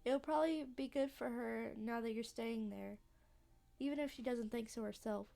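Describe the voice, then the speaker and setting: A woman's voice: fairly high pitch, normal speed, creaky, mellow. A woman voicing a cheerful, teasing young small-town woman, reading game dialogue with a playful, dramatic delivery. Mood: friendly.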